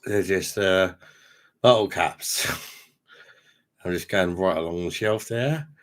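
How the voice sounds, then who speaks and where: A tipsy man with a low voice takes it slowly as he rambles through a beer live stream at home, matey and swearing freely. He's in a room fitted with sound panels.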